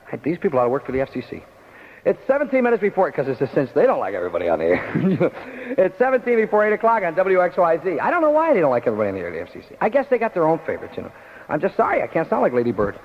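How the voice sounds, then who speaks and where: Wisecracking 1960s radio DJ, high and lively. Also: male voice, racing. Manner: wisecracking, jokey, laughs at his own gags. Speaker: radio disc jockey. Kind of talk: fast radio DJ patter. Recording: tinny 1960s AM radio aircheck with reverb.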